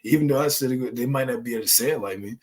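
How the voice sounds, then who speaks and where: A man's voice: mid-range voice, racing. A man hosting his channel, delivering an impassioned, preachy monologue full of profanity and emphatic outbursts. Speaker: channel host.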